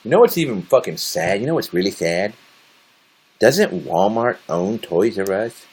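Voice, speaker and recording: A man livestreaming in casual chat, cursing freely and laughing at his own jokes. His voice sits low but moves widely in pitch. He rambles from one topic to the next. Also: expressive, normal speed, darkish tone, breathy edge. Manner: profane, rambling and jokey, laughs often.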